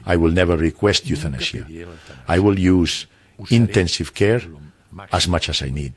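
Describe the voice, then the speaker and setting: An older man from Spain, a retired surgeon, answering interview questions in a calm, earnest, reassuring way. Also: low voice, moderate pace.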